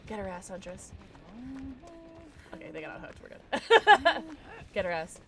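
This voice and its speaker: A woman streamer giving live gaming commentary, excitable and playful, often squealing and laughing. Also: medium pitch, unhurried, creaky. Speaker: livestreamer.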